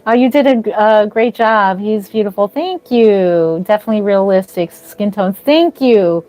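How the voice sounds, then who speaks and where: Her voice is mid-range, mellow and a little slow as she hosts a relaxed livestream. The reborn doll artist talks with her audience, gets easily moved, and thanks viewers effusively and often for their gifts.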